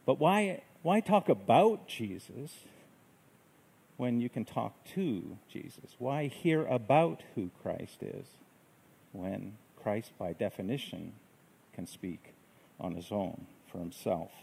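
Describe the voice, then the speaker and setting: A man preaching a sermon in a gentle, reflective way, with unhurried phrasing. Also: on the low side, animated, creaky, breathy edge, rough recording. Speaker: pastor.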